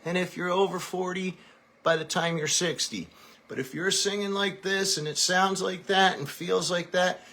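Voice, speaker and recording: A man's voice: sits high, steady tone, moderate pace, bright, forceful tone. A man teaching a singing lesson, explaining technique and then singing short vowel drills to demonstrate. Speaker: vocal coach.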